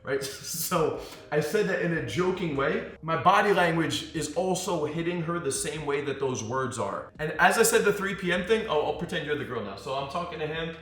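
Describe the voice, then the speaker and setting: A man gives a casual dating-coaching monologue, telling animated stories, swearing and acting out what people said. His voice is on the high side at a moderate pace. The room is echoey, with faint music in the background.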